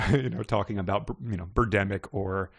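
A man's voice: lowish voice, fairly even intonation, moderate pace. A man co-hosting a comedy podcast, rambling and joking, laughing often, recording from his parents' house. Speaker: podcast co-host. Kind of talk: casual comedic chat. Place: parents' house in North Carolina.

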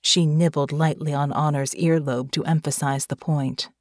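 A woman narrating a story with a slow, measured reading. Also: low voice, fairly even intonation, no echo, studio quality. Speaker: audiobook narrator. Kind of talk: scripted narration.

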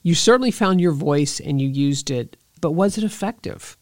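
A woman hosting a podcast, speaking to her listeners in an earnest, encouraging monologue full of rhetorical questions, slowing down to stress key points. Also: sits low, expressive, a little mellow, no room sound, clean studio sound. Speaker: podcast host.

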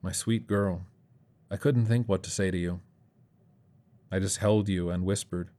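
A man's voice: low voice, fairly even intonation, a little slow, long pauses, mellow, a little hiss or hum. A man narrating a first-person story in a grim, clipped, world-weary way.

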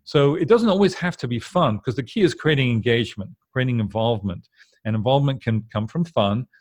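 A man with a middle-pitched voice co-hosts a casual podcast. He explains his points earnestly and often restarts or repeats words as he talks. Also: animated, fairly quick, no room sound. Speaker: podcast co-host.

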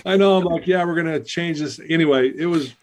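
A man's voice: a little high, steady tone, fast talker. A middle-aged man, a personal-development coach, tells his life story as a podcast guest, acting out the dialogue.

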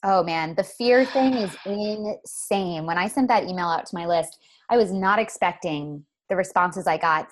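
Woman, podcast host, casual interview, encouraging, quick reactions. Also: lowish voice.

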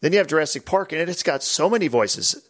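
A man's voice: a little high, expressive, fast talker, fairly bright tone. A man hosting a pinball podcast, chatting casually, laughing often and mimicking game voices. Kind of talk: casual chat.

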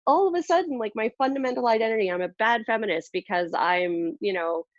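A woman's voice: fairly high pitch, quick pace, no room sound, dull audio. A woman telling a personal story in casual conversation, rambling and self-deprecating with lots of fillers and restarts.

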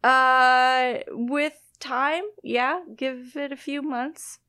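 A woman's voice: high voice, fairly even intonation, very slow, bright, forceful tone, clear, resonant tone, no room sound, studio quality. A woman in her thirties from the US Midwest, chatting in an interview with frequent laughs and self-deprecating asides. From Illinois-Wisconsin border, US Midwest. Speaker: guest biologist. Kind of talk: casual interview chat.

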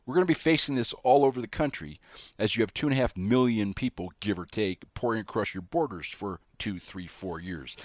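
A man's voice: fairly low pitch, brisk, faint music behind. A man hosting a political talk radio show, delivering an opinionated, folksy commentary monologue.

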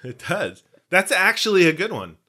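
A man's voice: sits high, big pitch swings, moderate pace, sharp tone. A man co-hosting a casual podcast, playful and jokey, slipping into hammy pirate bits. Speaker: podcast co-host. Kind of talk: casual chat.

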